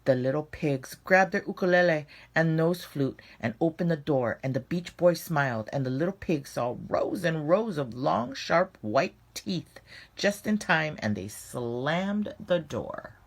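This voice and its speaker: Lively, expressive woman storyteller. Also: sits low. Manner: expressive, dramatic storytelling with slowed emphasis. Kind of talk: children's story read-aloud.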